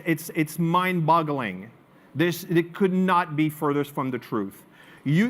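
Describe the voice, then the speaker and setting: This French-accented marketing speaker, a man from France, has a voice that sits high. In his live presentation he acts as a lively storyteller, alternating forceful emphasis with hushed asides to the audience.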